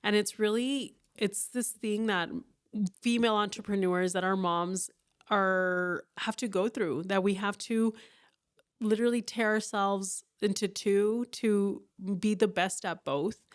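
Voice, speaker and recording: A woman around forty with a smooth, clear voice, talking as a guest in a casual interview. She speaks candidly and with energy, slipping into little acted-out quotes of her own thoughts. Her pitch sits in the middle range. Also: fairly even intonation, unhurried. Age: about 40. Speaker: business owner, guest.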